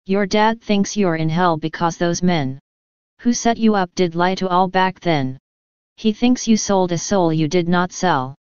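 Gentle angel wife, read by a woman in rhyme. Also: on the low side, measured pace, smooth, dry recording, dull audio, lightly acted. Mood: consoling. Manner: rhyming verse, plain even reading. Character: gentle female angel comforting her husband.

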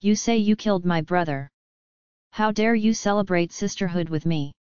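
A woman puts on a proud royal princess of an old storybook court. Her speech is formal, stern and commanding, carried by a very smooth, clear tone that sits a little low. The recording is dry and muffled, with no room around it. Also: moderate pace, a little mellow, no room sound, lightly acted.

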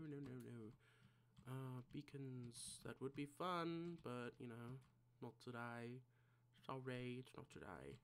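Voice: medium pitch, fairly bright tone, smooth. A gaming channel creator giving casual gameplay commentary, mumbling and thinking aloud to themself at a desk mic.

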